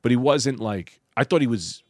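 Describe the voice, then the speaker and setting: A man's voice: mid-range voice, moderate pace, no room sound, studio quality. A man hosting a podcast, chatting casually and animatedly about comedy gigs, with some swearing and put-on voices. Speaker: podcast host; stand-up comedian. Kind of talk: casual chat.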